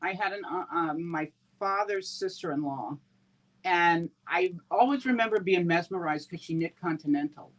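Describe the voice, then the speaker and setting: A woman, a guest on a craft chat show, speaking in a relaxed, agreeable way. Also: fairly low pitch, moderate pace, rough recording. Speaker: guest, master knitter. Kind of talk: casual chat.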